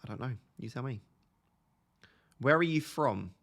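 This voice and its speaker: A man's voice: mid-range voice, lively intonation, a little slow, fairly bright tone. Young essex guy, easygoing stream host, close desk mic, answers chat off the cuff. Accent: Essex English. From Essex, England. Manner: chatty, reads and answers viewer chat. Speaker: livestream host. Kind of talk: casual live stream chat. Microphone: close desk microphone.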